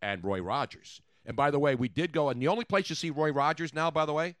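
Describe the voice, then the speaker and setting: A man hosting a podcast in casual comedic chat, rambling and animated as he tells stories. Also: fairly high pitch, fast talker, no echo. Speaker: podcast host.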